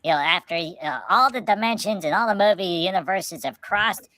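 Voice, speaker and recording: A woman's voice: mid-range voice, animated, brisk, sharp tone, no echo. A woman co-hosting a casual podcast chat, telling rambling stories full of restarts and fillers. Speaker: podcast co-host.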